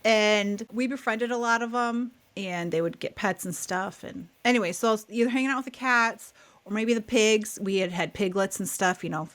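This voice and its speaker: A woman's voice: medium pitch, moderate pace, a bit bright. A woman co-hosting a podcast, telling a childhood story in casual chat, acting out quotes and laughing often. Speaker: podcast co-host.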